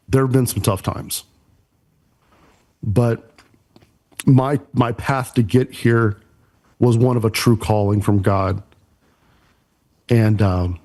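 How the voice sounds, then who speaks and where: A man's voice: medium pitch, a little mellow. A man, a church production pastor and podcast guest, earnestly telling an emotional personal story.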